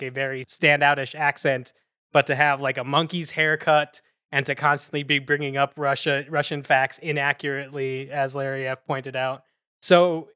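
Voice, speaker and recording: Man, podcast co-host, casual chat, bright tone, dry close sound. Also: on the high side, clean tone, no echo. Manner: chatty, laughing, thinks aloud with fillers.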